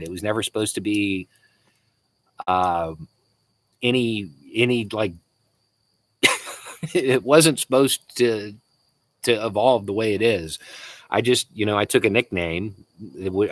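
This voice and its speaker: A man's voice: lowish voice, no room sound. A man from Florida with a Southern accent hosting a casual live Q&A, answering viewer messages with frequent chuckles and hesitant restarts. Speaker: livestream host.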